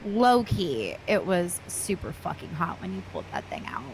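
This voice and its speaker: A woman's voice: on the low side, huge pitch swings, moderate pace, slight background noise. Teasing, playful woman in roleplay banter.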